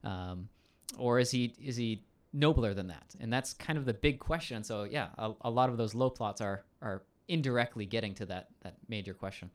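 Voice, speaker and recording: A man's voice: lowish voice, normal speed, hardly any pauses. A male teacher in a casual conversation, explaining at length in a thoughtful way with frequent ums and restarts.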